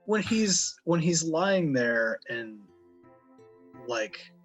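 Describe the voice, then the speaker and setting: Very animated, playful man. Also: a little high, drawn-out words, faint music behind. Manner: playful, laughs a lot, jokey asides. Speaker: co-host in a game commentary. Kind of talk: casual game commentary.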